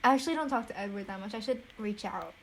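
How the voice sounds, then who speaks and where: A woman's voice: medium pitch, fast talker, gravelly, a little hiss or hum. A teenage girl co-hosting a podcast, telling stories in a casual, rambling way full of "like" and laughter. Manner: chatty storyteller, heavy use of "like", often laughs. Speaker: podcast co-host. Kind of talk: casual chat.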